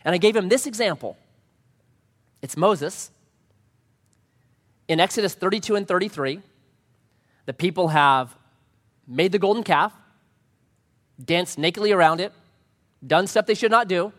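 Man, 30s, pastor, sermon, animated storyteller, expressive pitch, echoing church hall. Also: a little slow, long pauses. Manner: animated storytelling preacher, acts out quotes. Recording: long reverb of a large hall.

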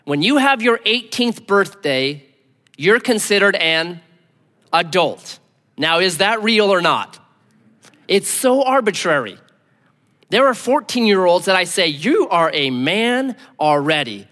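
A man preaching a sermon as pastor, conversational and animated, often dropping to a hushed near-whisper. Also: sits high, a little slow, pauses often, in a large hall.

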